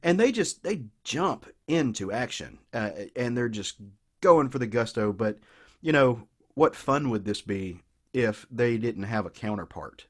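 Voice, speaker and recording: A man's voice: mid-range voice, expressive, a little slow. A man with a Southern US accent on a podcast, eagerly retelling a comic book story in a rambling, casual way full of restarts. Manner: enthusiastic, rambling, many restarts. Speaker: podcast co-host.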